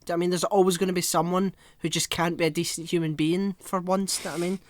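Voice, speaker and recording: A man's voice: high-pitched, flat delivery, racing. A man co-hosting a podcast in casual chat, rambling and swearing with frequent laughs. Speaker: podcast co-host.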